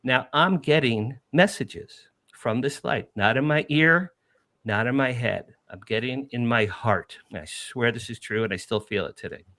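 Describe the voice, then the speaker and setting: Middle-aged guest from New Jersey; gravelly, dry-sounding, emphatic storyteller who repeats for effect. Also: male voice, mid-range voice, normal speed, no room sound. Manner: animated, repetitive, emphatic. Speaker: podcast guest. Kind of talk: emotional first-person storytelling.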